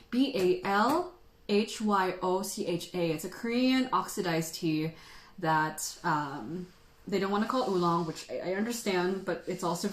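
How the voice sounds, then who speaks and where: A woman hosting a casual livestream who chats in a rambling way and laughs often. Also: mid-range voice. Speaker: tea livestream host. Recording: roomy echo.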